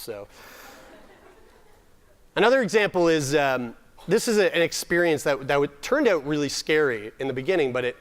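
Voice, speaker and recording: A young man from Nova Scotia with a fairly high voice tells funny stories about himself to a summit audience. He often restarts his sentences and uses comic timing. His tone is self-mocking. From Nova Scotia, Canada. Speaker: summit speaker. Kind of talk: humorous personal storytelling talk.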